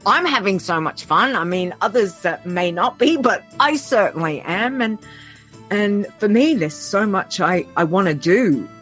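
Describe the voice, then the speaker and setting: A woman's voice: mid-range voice, lively intonation, unhurried, fairly bright tone, faint music behind. An Australian woman talking heartfelt and earnest as a podcast guest, often trailing off and restarting her sentences. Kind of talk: casual podcast conversation.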